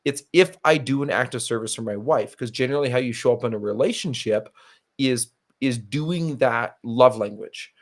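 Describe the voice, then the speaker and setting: A man's voice: mid-range voice, normal speed. A man in his thirties hosting a podcast, talking casually and giving earnest, emphatic advice. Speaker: podcast host.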